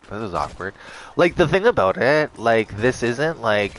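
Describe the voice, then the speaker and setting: Laughing, cursing, and quoting people loudly, a young man animatedly tells the camera a story in his vlog. He speaks at a moderate pace in a lowish voice, with slight background noise.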